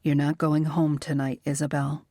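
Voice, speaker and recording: A woman narrator voicing a protective man who talks gently but firmly. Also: low-pitched, level tone, unhurried, dry recording, clean studio sound. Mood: gentle. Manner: gentle and firm. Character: protective male bodyguard, gentle but firm.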